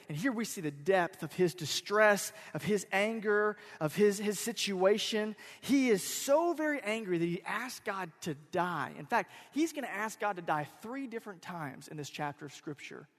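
A male pastor with a fairly high voice delivers a sermon in a church sanctuary, his words trailing into a long reverberant tail. He talks to the congregation casually, punching some words loudly and dropping others to near hush. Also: expressive, moderate pace. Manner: conversational, swings between loud emphasis and quiet asides. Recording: reverberant hall.

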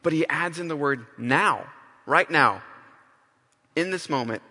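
A man's voice: on the high side, lively intonation, measured pace, pushed and bright. A man preaching a sermon, emphatic, often restarting and repeating phrases. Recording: long hall reverb.

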